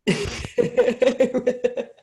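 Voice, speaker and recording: A woman with an Australian accent, chatting casually as a convention panel guest and rambling from story to story with animated asides. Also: fairly high pitch, extremely slow, slight background noise. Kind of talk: casual chat.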